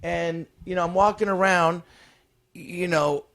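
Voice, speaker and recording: A man's voice: high-pitched, fairly even intonation, unhurried, gravelly, a bit bright, dry recording, clean studio sound. A man as a podcast guest, telling a long story in a rambling, casual way, swearing and restarting his sentences.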